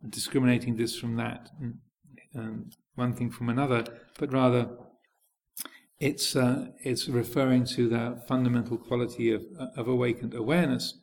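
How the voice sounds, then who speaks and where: A man's voice: mid-range voice, steady tone, moderate pace, gravelly, a little mellow. A man teaching as a Buddhist monk, giving a dharma talk with a hesitant delivery full of fillers and restarts.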